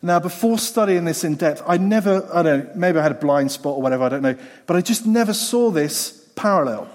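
A man's voice: on the high side, lively intonation, brisk, darkish tone. A man preaching a sermon in a conversational way, repeating phrases for emphasis. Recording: long hall reverb.

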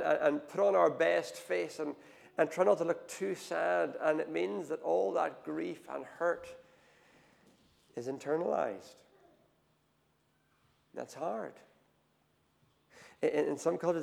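Male preacher, gravelly and fairly high-pitched, animated sermon delivery, big hall echo. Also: moderate pace, pauses often. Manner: animated storytelling, swings from hushed to loud. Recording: long hall reverb.

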